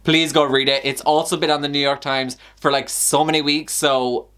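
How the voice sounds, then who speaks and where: A man's voice: fairly high pitch, little pitch movement, moderate pace, bright, forceful tone, smooth. Gushing young man reviewing books. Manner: gushing, effusive, chatty with frequent sighs. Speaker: book vlogger. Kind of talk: casual book review vlog.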